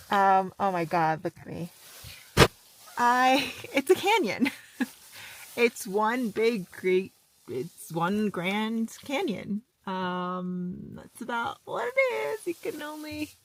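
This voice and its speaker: Woman, travel vlogger, casual monologue, exclamatory, swears a lot, slightly high voice, phone mic, car and outdoors. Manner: chatty, exclamatory, swears freely. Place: inside a car and outdoors at canyon viewpoints.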